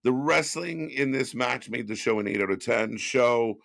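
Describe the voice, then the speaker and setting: A man from Canada co-hosting a live wrestling reaction stream, talking in an animated, profane way and laughing often. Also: medium pitch, gravelly, dry recording, clean studio sound. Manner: animated, swearing, quick to laugh. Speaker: co-host. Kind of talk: casual live reaction chat.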